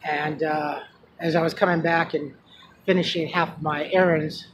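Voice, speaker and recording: A man's voice: on the high side, little pitch movement, normal speed, noisy background. A man talking emotionally in a casual personal vlog, rambling and restarting his sentences. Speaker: vlogger.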